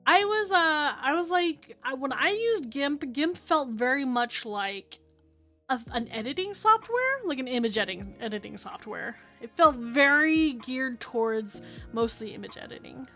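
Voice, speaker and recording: High, bright-voiced woman streamer chatting. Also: sing-song, normal speed, soft background music. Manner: rambling, chatty, many fillers and restarts. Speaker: VTuber streamer. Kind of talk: casual chat while streaming. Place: home room with her cat. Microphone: desk streaming mic.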